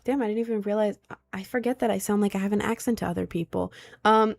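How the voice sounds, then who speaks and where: A woman's voice: medium pitch, steady tone, quick pace, gravelly. A woman from New York City chatting casually at home, rambling with lots of filler words as she reads viewer messages. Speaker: streamer. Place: at home, indoors.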